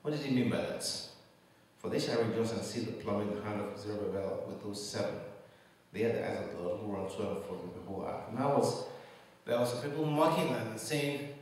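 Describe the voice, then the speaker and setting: A pastor preaching in a low voice, building his points with emphatic rhetorical questions. He is heard from some distance off the mic, and his voice rings around a large, echoing church hall with a long reverb tail. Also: brisk, a little mellow. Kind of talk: sermon.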